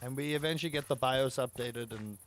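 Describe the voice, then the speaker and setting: A man's voice: mid-range voice, brisk, a little hiss or hum. A South African man chatting casually while live-streaming a game, ranting with playful exaggeration and greeting viewers.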